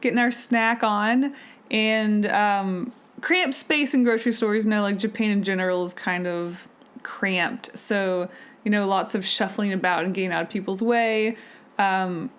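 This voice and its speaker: A woman's voice: medium pitch, fairly even intonation, measured pace, clear, resonant tone. A woman co-hosting a podcast, chatting casually and rambling with lots of fillers. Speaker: podcast co-host. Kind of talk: casual chat.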